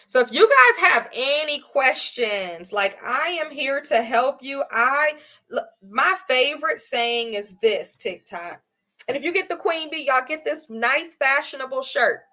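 Chatty high-voiced woman on a livestream. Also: unhurried. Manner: chatty, animated, addresses viewers as y'all. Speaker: online course creator. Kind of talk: casual live-stream chat.

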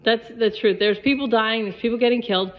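A woman's voice: a little high, steady tone, a little fast, lo-fi sound. A woman vlogger giving a spiritual pep talk to camera, repeating her points emphatically in a preachy way.

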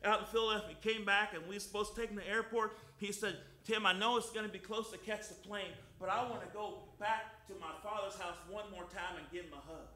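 An older man preaching a fervent sermon in church, breaking into loud hallelujahs and softening when he reads scripture. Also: high-pitched, steady tone, quick pace, few pauses, echoey room. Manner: fervent, shouting hallelujahs, drops soft for scripture. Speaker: guest preacher. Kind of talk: lively Easter sermon with scripture reading.

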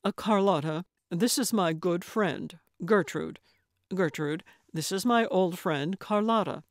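A gentle, bashful retired man , voiced by a woman narrator, who speaks softly and with a little hesitation. He takes his time over every phrase. The recording is dry and close. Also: lowish voice, unhurried, no echo. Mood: hesitant. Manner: soft, hesitant, wondering. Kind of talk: audiobook character voice.

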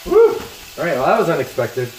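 A middle-aged man with a somewhat high, slightly mellow voice, wildly swooping pitch, and slightly quick pace hosts a casual cooking livestream from his home kitchen, chatting and joking with viewers. The echoey room carries music from laptop speakers, sizzling food, and a little hiss or hum.

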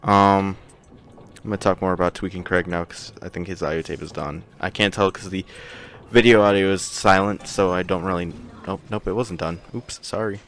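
Man, low voice, rambling let's-play chat, chuckles often, lots of ums. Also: fairly even intonation, moderate pace, a bit bright, a little hiss or hum. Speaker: game streamer. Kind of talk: casual gameplay commentary.

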